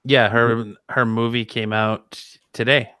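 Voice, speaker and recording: A man hosting a casual podcast chat, relaxed and rambling. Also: medium pitch, slow pace, smooth, no echo. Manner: relaxed, with frequent fillers and restarts. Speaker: podcast host.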